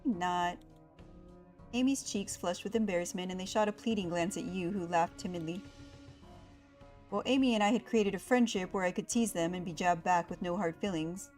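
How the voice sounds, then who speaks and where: A woman's voice: lowish voice, normal speed, faint music behind. A young woman streamer reading a visual novel game aloud, voicing its story with feeling and chatting between lines. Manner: expressive, voicing the inner monologue with rising panic.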